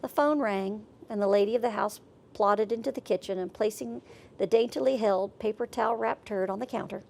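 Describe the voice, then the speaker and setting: A woman reading a literary story aloud for adults with an expressive, wry delivery. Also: medium pitch, a little fast, vocal fry.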